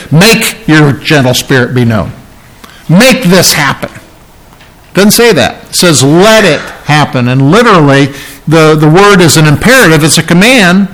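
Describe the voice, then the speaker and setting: A man's voice: fairly bright tone, low-quality recording. Male pastor, sermon delivery, slightly raised voice, earnest and teacherly, pushes up on emphasis. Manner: earnest, pleading and teacherly, rising in pitch to stress points.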